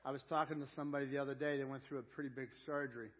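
Racing through his sermon, a pastor speaks with a steady, medium-pitched voice. He comes across as earnest and folksy, repeats words as he searches for them, and alternates loud emphasis with quiet intensity, all on dull, lo-fi church audio.

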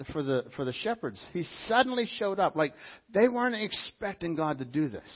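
A man preaching a sermon in a casual, emphatic manner, often stumbling over and repeating his words. His voice sits a bit above the usual male pitch. The recording sounds dull and lo-fi. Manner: conversational and emphatic, with frequent restarts. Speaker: pastor.

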